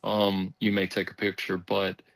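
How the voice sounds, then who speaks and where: A man telling a story on a podcast in casual chat, rambling and animated, acting out the voices of people he quotes. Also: low voice, a little slow, no echo, low-quality recording.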